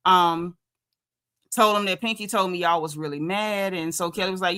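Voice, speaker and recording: A young woman, recapping reality TV in casual commentary, sassy and animated, acting out the quotes. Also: lowish voice, brisk.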